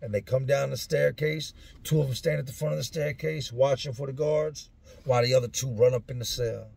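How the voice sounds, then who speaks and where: A man's voice: mid-range voice, fairly even intonation, fairly quick, vocal fry, a little mellow, breathy edge, no room sound. A man telling stories from his own past in a casual way, using street slang. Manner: street slang, acts out other people's voices. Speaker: storyteller recounting his prison years. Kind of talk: casual spoken storytelling.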